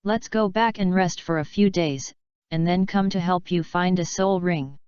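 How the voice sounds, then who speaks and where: A woman voicing a middle-aged male teacher in a storybook reading, speaking in a measured, cautious way. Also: lowish voice, darkish tone, clear, resonant tone, dry recording, lightly acted. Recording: dull lo-fi recording.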